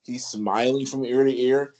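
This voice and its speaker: A man's voice: medium pitch, fairly even intonation, unhurried, warm tone, rough recording. A man co-hosting a podcast, joking and laughing in casual wrestling chat. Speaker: podcast co-host.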